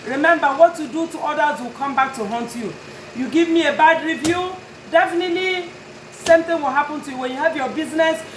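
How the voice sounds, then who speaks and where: A woman's high-pitched, slightly bright voice carries an earnest, pleading but firm appeal as she speaks directly to camera for her customers. She runs a notary and tag and title business. The low-quality recording sounds roomy, with slight background noise.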